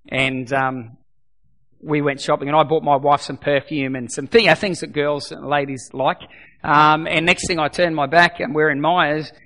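Middle-aged male pastor, bright and slightly high voice, earnest conversational sermon. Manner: earnest, conversational preaching with repetition.

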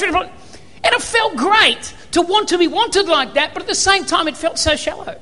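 Australian male preacher, high voice, storytelling sermon, long hall reverb. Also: a little fast, bright, forceful tone. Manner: storytelling, acts out remembered dialogue.

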